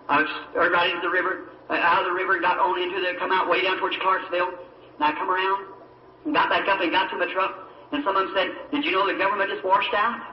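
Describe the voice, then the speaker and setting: A man's voice: high-pitched, recorded from a distance. A male preacher giving a sermon with personal testimony, telling his story fervently and asking the congregation for agreement. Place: church or meeting hall. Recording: old echoey hall recording from afar, dull with faint hiss.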